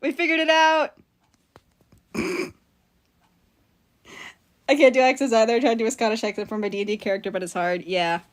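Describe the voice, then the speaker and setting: A woman's voice: mid-range voice, brisk, pauses often, darkish tone. A woman livestreaming while she draws, chatting casually with her viewers and laughing often. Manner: chatty, giggly, self-mocking. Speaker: livestreaming artist. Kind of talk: casual stream chat.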